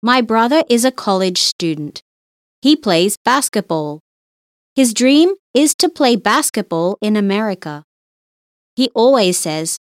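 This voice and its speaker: A woman reading English listening-test passages slowly and with careful enunciation. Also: mid-range voice, lively intonation, no echo, studio quality. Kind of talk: scripted exam reading.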